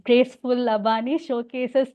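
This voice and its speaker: A woman's voice: a little high, steady tone, moderate pace, dark tone, clear, resonant tone, no room sound. A woman from India, hosting a podcast interview, polite, laughing often and stammering on some words. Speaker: podcast host. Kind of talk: casual interview conversation.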